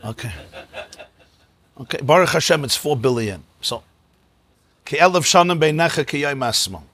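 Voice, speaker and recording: Male rabbi lecturing in a synagogue; bright, husky tone, emphatic, repeats key words, sprinkles in Hebrew and Yiddish. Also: fairly high pitch, animated, normal speed. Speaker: rabbi teaching a class. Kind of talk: lecture on mystical texts.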